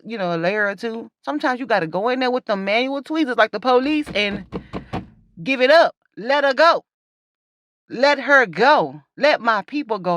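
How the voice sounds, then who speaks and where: A woman with a fairly high voice talks through a waxing session as voice-over commentary. She is chatty and emphatic, drifting into rambling asides. The sound is dry and close, with no room echo. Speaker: waxing esthetician.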